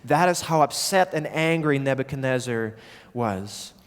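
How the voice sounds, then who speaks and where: A man's voice: medium pitch, expressive, a little slow, clean tone. A man preaching a sermon as pastor, telling a story and acting out the people in it. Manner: storytelling, acts out quoted voices. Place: church. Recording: long reverb of a church hall.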